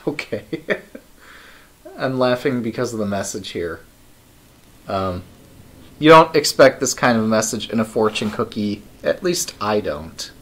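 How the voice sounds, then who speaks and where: A man's voice: lowish voice, animated, moderate pace, hardly any pauses, a bit bright. A man live-streaming his coding work, thinking aloud in a wry, casual way with many ums and uhs.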